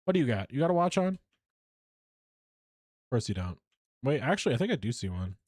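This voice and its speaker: Animated, chatty male streamer. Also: mid-range voice, fairly quick, dry recording, clean studio sound. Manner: chatty, animated, self-mocking. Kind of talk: live gameplay commentary.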